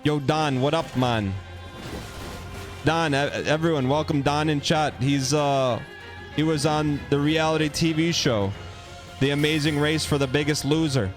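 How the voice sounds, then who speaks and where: A man's voice: a little high, moderate pace, over music. Rambling, playful male game streamer. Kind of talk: casual live-stream chat.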